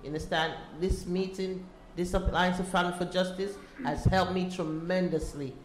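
A woman's voice: lowish voice, fairly even intonation, moderate pace, a little hiss or hum. A middle-aged woman giving an emotional personal testimony at a community meeting, pleading and repeating herself as she talks. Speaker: volunteer speaking at a community meeting. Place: meeting room. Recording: echoey meeting room.

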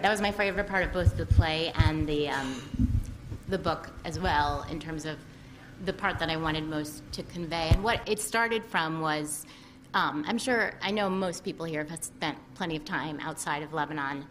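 A woman author answering an audience question in a relaxed, thoughtful way, with many fillers and restarts. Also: lowish voice, a little hiss or hum. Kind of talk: conversational Q&A answer.

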